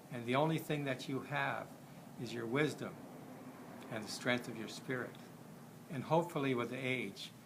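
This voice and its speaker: A man voicing a wise, patient old male grey wolf in a spoken tale, teaching in a gentle tone over a noisy recording. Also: medium pitch, gravelly.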